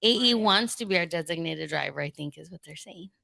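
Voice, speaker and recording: A woman's voice: lowish voice, expressive, fairly quick, vocal fry, pushed and bright, no room sound. A woman co-hosting a podcast, telling profane stories with lots of laughter in casual chat. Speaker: podcast co-host.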